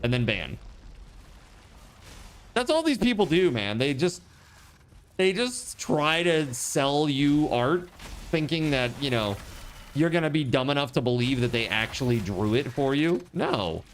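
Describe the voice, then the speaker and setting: A man giving casual, excitable commentary while streaming a survival game. He swears freely, yelps in alarm and breaks into laughter. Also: mid-range voice, a little hiss or hum. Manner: retells chats in quick put-on voices.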